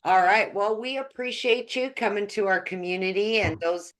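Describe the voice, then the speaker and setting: A woman's voice: mid-range voice, normal speed, a bit bright. A woman hosting a community video call, encouraging her guests and often repeating words. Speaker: community host.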